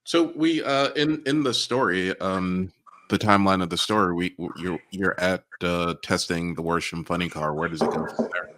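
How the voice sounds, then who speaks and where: A man hosting a podcast, asking questions in a halting way with restarts and fillers. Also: sits low, fairly bright tone, a little hiss or hum. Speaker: podcast host. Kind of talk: interview questions.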